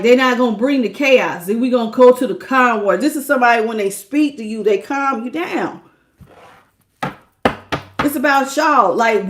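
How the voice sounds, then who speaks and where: A woman's voice: fairly high pitch, fairly bright tone. A woman giving a live tarot reading, talking casually to her viewers, laughing often and calling them baby. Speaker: tarot reader.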